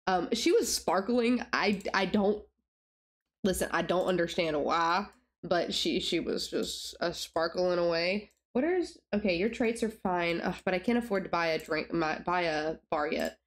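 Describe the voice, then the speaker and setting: A woman's voice: on the low side, animated, a little slow. A young woman giving casual gameplay commentary, rambling and exasperated, talking to the characters in her game. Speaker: gaming YouTuber.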